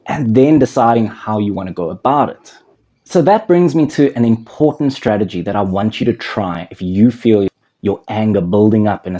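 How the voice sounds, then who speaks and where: A man's voice: mid-range voice, mellow. A man who works as an anger management counsellor, talking straight to the viewer and asking them questions while he tells a story. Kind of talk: direct-to-camera teaching talk.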